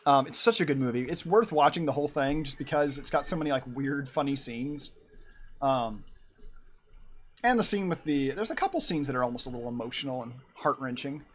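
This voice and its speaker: A man's voice: medium pitch, expressive, brisk, husky. A man streaming from his room at home, chatting casually and rambling while he draws and answers his chat. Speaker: art streamer.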